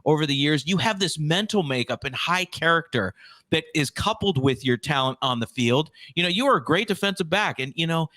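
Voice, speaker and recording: A man in his fifties hosts a podcast, his voice a little higher than most men's. He asks long, winding questions with lively enthusiasm, and the recording sounds dry and close. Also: a little fast, no echo. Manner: enthusiastic, complimentary, rambling questions. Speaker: podcast host. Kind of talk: interview.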